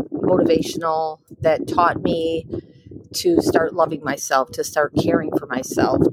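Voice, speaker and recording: A middle-aged woman hosting a podcast, telling her own story in a candid, halting way with many pauses and restarts, recorded outdoors in some wind. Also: fairly low pitch. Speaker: podcast host. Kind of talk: personal testimony podcast.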